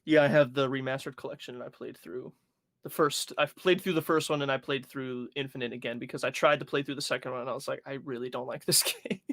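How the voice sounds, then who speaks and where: Young guy on a podcast, super animated, swears a lot, dry close mic. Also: mid-range voice, quick pace, dry recording. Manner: animated storytelling, swearing, acting out his own reactions. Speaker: podcast co-host. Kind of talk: casual chat.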